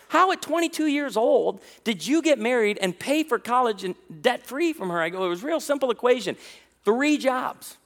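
A man in his thirties preaching a sermon, telling stories with jokes in an animated way. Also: high-pitched, fairly quick, in a large hall. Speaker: pastor.

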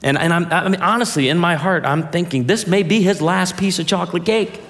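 Playful pastor preaching in a big hall. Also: male voice, high-pitched, fairly quick, fairly bright tone. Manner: playful, addresses the audience directly, jokes then turns heartfelt. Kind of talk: humorous sermon storytelling. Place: large hall or church auditorium, before an audience. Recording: long reverb of a large hall.

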